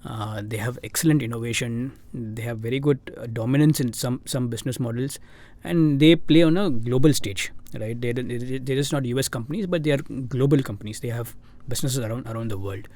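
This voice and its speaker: A man's voice: medium pitch, brisk, darkish tone, dry recording. A man with an Indian English accent, a fund manager answering interview questions in a thoughtful way, with many fillers and restarts.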